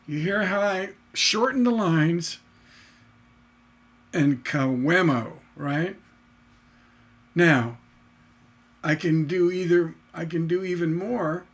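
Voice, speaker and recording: A man's voice: sits high, takes it slowly, long pauses, fairly bright tone. A man teaching songwriting on a livestream, talking to himself as he works and chanting rhythms aloud to show his point.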